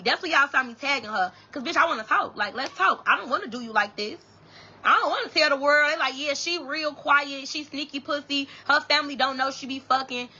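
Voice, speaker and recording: A young woman with a bright, high voice shares a personal story with her viewers in a casual storytime chat. She's a storytime vlogger who is blunt and profane, often stopping and restarting her sentences. The audio is dull and lo-fi.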